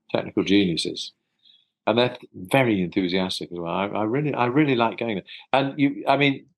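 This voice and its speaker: An older actor from South London, appearing as a guest, chats casually in an interview over a video call, hesitating, repeating his words, and chuckling often. His voice is lowish with vocal fry, and the audio is poor.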